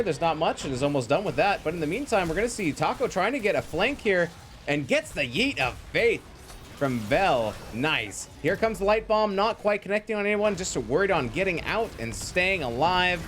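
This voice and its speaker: A man casting a live esports match, excitable and jokey, quick to laugh and riff on the action. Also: high-pitched, slight background noise. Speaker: esports play-by-play caster. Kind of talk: lively live game commentary.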